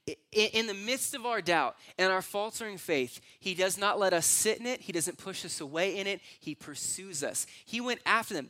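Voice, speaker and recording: A man's voice: fairly high pitch, a bit bright. A young adult man preaching a conversational, earnest sermon as pastor, sometimes acting out voices in his stories.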